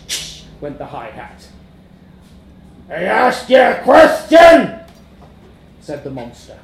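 A man reads a darkly comic story aloud with a wry, amused delivery. His voice sits somewhat high, and the room gives it a noticeable echo. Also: a little mellow, slight background noise. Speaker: narrator. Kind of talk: storytelling reading. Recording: roomy echo.

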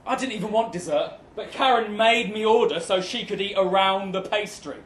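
A young man with a high voice reads a comic story in the first person, dry and wry, breaking into mock-heroic bursts. The sound is echoey, caught live in a pub room with a faint hum of noise behind. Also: normal speed, a bit bright. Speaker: reader at a live fiction night.

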